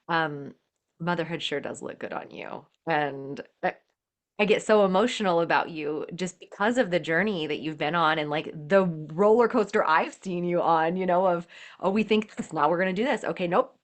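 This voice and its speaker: A woman hosts a podcast conversation, praising her guest and addressing the audience. Her voice sits a little low in pitch. The talk is casual and affirming. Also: normal speed. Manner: warm-hearted, affirming, addresses listeners directly. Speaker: podcast host and birth worker. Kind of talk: casual interview chat.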